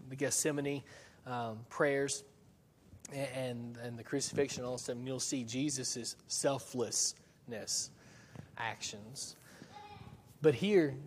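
A man's voice: mid-range voice, darkish tone, long reverb tail, slight background noise. A man preaching a sermon in a church, talking in a conversational way with frequent restarts and rhetorical questions. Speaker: pastor.

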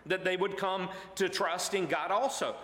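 A man's voice: high voice, steady tone, moderate pace, fairly bright tone. A man teaching a verse-by-verse Bible sermon, earnest and emphatic, with frequent uh fillers and restarts. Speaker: pastor. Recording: echoey hall with long reverb.

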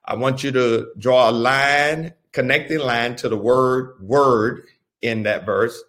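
A man preaching at an unhurried pace, teaching a Bible study. His pitch sits in the middle range. He speaks deliberately and repeats key phrases for emphasis. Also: a bit bright. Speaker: pastor.

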